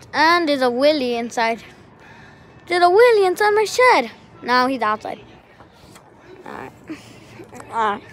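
A woman chatting casually in a vlog, excitable and talkative, speaking to her dog in a backyard by a shed. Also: high-pitched. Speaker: vlogger.

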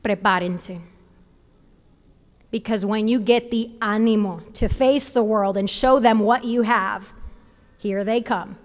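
A woman's voice: medium pitch, fairly even intonation, slow pace, pauses often. A young woman from Texas giving a passionate, emphatic commencement speech at a podium in a large venue. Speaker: commencement speaker. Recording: long hall reverb.

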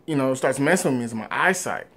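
A man in a personal vlog tells his story straight to camera in an ordinary mid-range voice. He rambles with lots of fillers and restarts. He gets loud and animated at the big moments, then trails off quietly. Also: mid-range voice, fast, gravelly. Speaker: vlogger.

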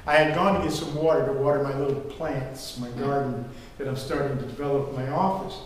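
A man's voice: medium pitch, steady tone, a little fast. Older guy preaching, chatty and rambly, long church reverb, faint hiss behind. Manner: rambling, conversational storytelling with fillers. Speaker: pastor. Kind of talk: sermon. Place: church sanctuary. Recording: echoey hall from far off, faint ambience.

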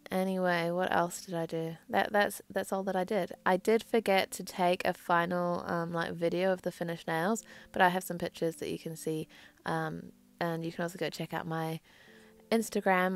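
Gravelly-voiced woman with a shifting accent. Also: lowish voice. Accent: mix of New Zealand and English. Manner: rambling, hesitant, self-deprecating. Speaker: nail art vlogger. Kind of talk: casual voice-over tutorial.

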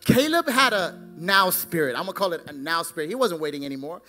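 Fervent high-voiced preacher, bright and sharp. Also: male voice, expressive, fast, soft background music. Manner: fervent preaching, swings from loud to hushed. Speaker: pastor. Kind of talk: sermon.

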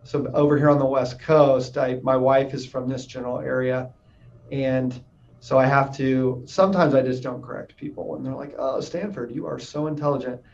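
A man's voice: mid-range voice, fairly even intonation, moderate pace, vocal fry, a little mellow, lo-fi sound. A man in his thirties from East Tennessee, with only a light trace of a Southern accent, chatting upbeat with many fillers as an interviewee. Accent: light Southern US, mostly neutral. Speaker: interviewed club member, insurance salesman. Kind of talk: casual interview answers.

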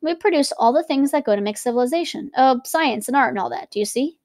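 A woman reads a classic novel aloud at a brisk clip, now and then breaking off for quick, chatty remarks. Her voice sits fairly high, and the recording is dry and close. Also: animated, darkish tone, no room sound. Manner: quick, conversational asides between reading. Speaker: reader and teacher. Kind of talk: reading a novel aloud with commentary.

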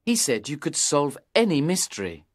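A nervous young man in his twenties pleads for help, as a man voices him in a read-aloud story. His pitch swings in an animated way, and the recording is dry and close. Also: a little slow, no room sound. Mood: anxious. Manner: anxious and pleading. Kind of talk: audiobook character reading.

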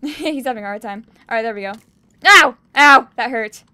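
A young woman giving excitable gameplay commentary, cheering and shrieking as she plays. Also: on the high side, fast talker, smooth, dry recording. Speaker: gaming YouTuber.

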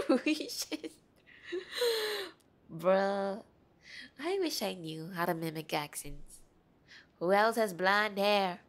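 A young woman streams a game and chats playfully, giggling as she reads the game's dialogue aloud. Her medium-pitched voice is expressive and slow, and the talk is casual gameplay commentary.

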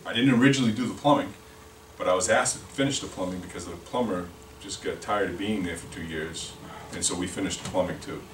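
Low male voice, rambling sales training talk, distant mic, faint room noise. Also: quick pace, reverberant. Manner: rambling, repeats words and restarts. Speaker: sales representative. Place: meeting room, lunch and learn.

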